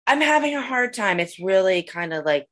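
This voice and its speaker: A woman's voice: mid-range voice, very animated, moderate pace, fairly bright tone. A middle-aged woman co-hosting a podcast, chatting casually in an easygoing, agreeable way. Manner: easygoing, agreeable, short replies. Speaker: podcast co-host. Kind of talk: casual chat.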